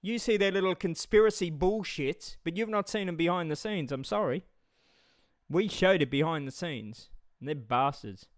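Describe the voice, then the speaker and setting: A man's voice: fairly high pitch, animated, normal speed, no room sound, clean studio sound. A man ranting heatedly on a livestream, swearing and stammering through repetitions. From Australia. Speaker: live streamer. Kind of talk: angry livestream rant.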